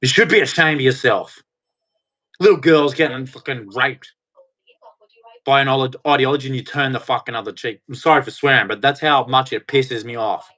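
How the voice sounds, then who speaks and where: A man's voice: medium pitch, normal speed, bright, forceful tone. A man delivering an angry, heated rant, swearing and speaking with hard emphasis. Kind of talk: angry ranting monologue.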